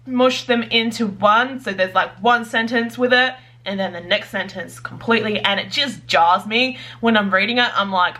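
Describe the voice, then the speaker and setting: A woman with a bright, sharp-edged voice talks casually to her camera about her writing. She is chatty and bubbly and scatters "like" through her sentences. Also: mid-range voice, normal speed, hardly any pauses. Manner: chatty and bubbly, full of "like" fillers. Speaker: writer vlogger.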